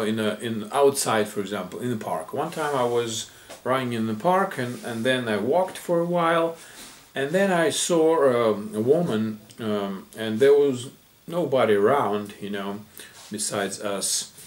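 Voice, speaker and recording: A man whose first language is Russian tells a story in a casual spoken English lesson, talking with many ums, pauses and restarts. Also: fairly low pitch. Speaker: English teacher.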